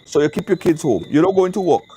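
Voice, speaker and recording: A man's voice: a little high, fast talker. A man, hosting a live call-in show, talking casually and emphatically, often repeating words, recorded outdoors in the wind. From Caribbean. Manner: animated, emphatic repetition. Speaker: show host. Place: outdoors, windy.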